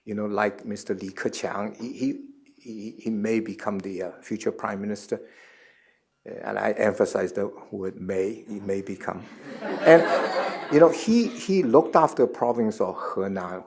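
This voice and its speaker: A man in his seventies answering questions as a guest at a forum, earnest and halting, often repeating words before he finds the next phrase. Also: lowish voice, creaky, darkish tone. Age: 70s. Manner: earnest, measured explanation. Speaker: guest speaker.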